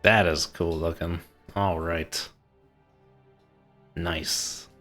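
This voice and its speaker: A streamer with a very deep voice chats his way through a naval game, laughing often and muttering to himself. Faint music plays under his talk. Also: steady tone, drawn-out words, a bit bright. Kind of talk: casual gameplay commentary.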